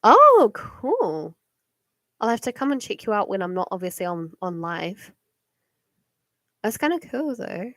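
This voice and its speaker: A young woman with a New Zealand accent chats to her live-stream viewers. She rambles and fills every pause with "like" and "um", and she giggles often. Her voice sits at an ordinary pitch, recorded close in a dry room. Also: big pitch swings, fairly bright tone, no room sound. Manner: rambling, many "like" and "um" fillers, giggly. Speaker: livestream card reader. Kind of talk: casual live-stream chat. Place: home at night.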